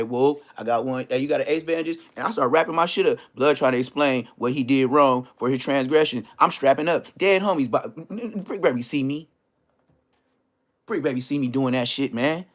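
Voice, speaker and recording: A man tells a story in a loose, slang-filled rant. His voice sits a little high and swings widely in pitch. He bursts into loud exclamations as he talks. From Inglewood, Los Angeles.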